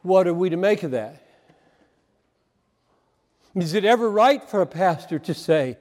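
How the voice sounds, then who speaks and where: A man preaches with fervor, pressing his points through repetition and sudden emphasis. His voice sits high for a man. The sound carries the long reverb of a big hall. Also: big pitch swings, moderate pace, long pauses, a little mellow. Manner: impassioned, emphatic, repeats words for stress. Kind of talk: sermon.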